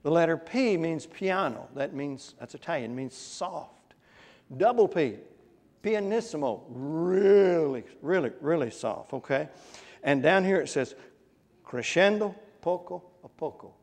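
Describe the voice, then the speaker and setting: Questioning preacher in a reverberant church. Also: male voice, on the high side, lively intonation, unhurried, a little mellow. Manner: conversational, quizzes the congregation. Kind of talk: interactive Bible class sermon.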